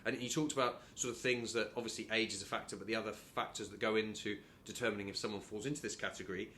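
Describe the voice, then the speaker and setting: A man with a low voice and a bright, crisp edge hosts a conversational interview, halting and repeating words as he works out his questions. A faint noise sits underneath. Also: fairly even intonation.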